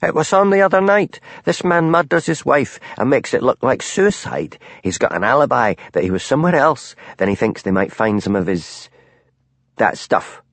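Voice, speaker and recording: A gruff, scornful old fisherman, put on by a man reading a storybook, spinning a blunt tale in a lively, rising voice. The recording is dry and close. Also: mid-range voice, moderate pace, no echo, pitched above the performer's own voice.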